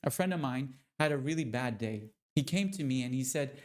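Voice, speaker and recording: A man giving a motivational talk to other men, speaking with slow, deliberate, preacher-like emphasis. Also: medium pitch, animated. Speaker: motivational coach.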